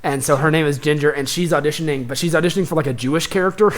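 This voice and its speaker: A man's voice: a little high, rapid-fire. A young man co-hosting a casual comedy podcast, rambling through an idea and laughing as he talks. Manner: rambling, laughs often, acts out characters in his story. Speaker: podcast co-host. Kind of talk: casual chat.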